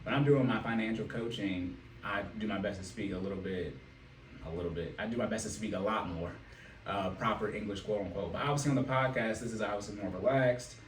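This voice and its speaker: A man hosting a casual podcast and working as a financial coach, telling animated stories and laughing often. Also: on the low side, a little fast. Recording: echoey room, mic at a distance, faint noise.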